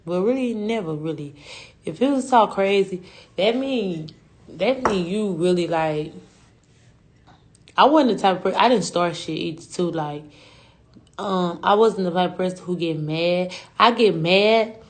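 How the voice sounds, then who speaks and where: A woman's voice: lowish voice, a little slow. A young adult woman telling a story on a livestream in a slangy, profane, rambling way. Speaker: rapper.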